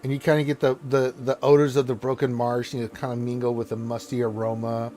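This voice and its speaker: A man's voice: mid-range voice, flat delivery, fast talker, dark tone, slight background noise. A man narrating a tabletop game as game master, rambling with restarts.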